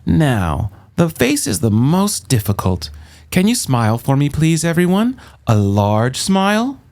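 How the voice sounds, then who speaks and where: A man's voice: fairly high pitch, huge pitch swings, unhurried, a little mellow, pitched above the performer's own voice, heavily acted. A man reading an audiobook, voicing an old female gorgon who coaxes in a purring, soothing tone. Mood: sweetly coaxing. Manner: purring, coaxing.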